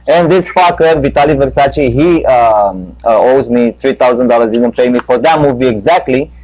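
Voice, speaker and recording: A man's voice: medium pitch, normal speed, darkish tone, no echo, poor audio. A man hosting a live talk show, telling a long rambling anecdote full of profanity and restarts. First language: Romanian. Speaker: talk show host and comedian.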